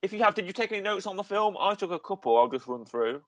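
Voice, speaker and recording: A man's voice: high voice, expressive, fast talker, no echo. A man co-hosting a casual film podcast, rambling with frequent ums and restarts. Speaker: podcast co-host.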